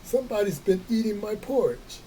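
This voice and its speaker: A man's voice: sits high, expressive, fairly quick, warm tone, a little hiss or hum, voice pushed up, rough recording. A man voicing a great big, growling papa bear in a storybook reading. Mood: grumbling.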